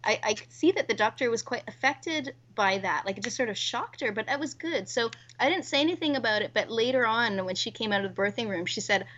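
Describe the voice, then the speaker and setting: A woman's voice: on the high side, expressive, a little fast, hardly any pauses, a bit bright. A woman who works at births, telling a story about a mother in casual chat. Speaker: birth worker. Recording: dull lo-fi recording.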